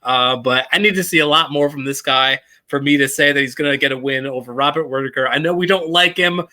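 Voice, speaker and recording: A man co-hosting a sports betting podcast, laid-back and hedging with many pauses. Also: medium pitch, pushed and bright. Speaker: podcast co-host making fight picks. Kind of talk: casual podcast chat.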